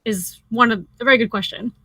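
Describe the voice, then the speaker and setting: A woman's voice: on the high side, brisk, bright, forceful tone, breathy edge, low-quality recording. Bubbly woman hosting a stream Q and A. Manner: bubbly, stumbling over words. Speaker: player leading the Q and A. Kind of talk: casual stream chat.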